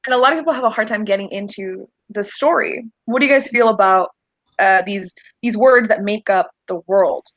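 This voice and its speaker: A woman's voice: medium pitch, brisk, no room sound. A woman guest in a casual livestream book chat, eager and full of fillers and laughs. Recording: dull dry remote audio.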